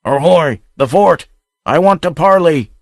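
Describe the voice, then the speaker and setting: A man's voice: mid-range voice, normal speed, a bit bright, dry recording, clean studio sound, pitched above the performer's own voice, natural voice. A man voicing a bold, swaggering pirate captain who bellows and mocks, in an audiobook reading. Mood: bellowing. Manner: bellowing, mocking.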